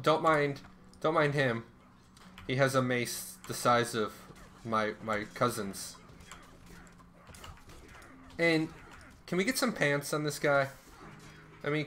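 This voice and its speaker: Bright-voiced ranting male streamer. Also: on the high side. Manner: animated, ranting, swears a lot. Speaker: livestreamer. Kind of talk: casual gameplay commentary.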